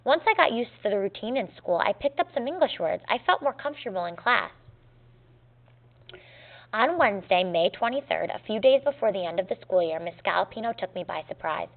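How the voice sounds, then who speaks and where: A woman teacher reading a story aloud to her students in a clear, measured, gently expressive way. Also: mid-range voice. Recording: tinny phone-like lo-fi recording.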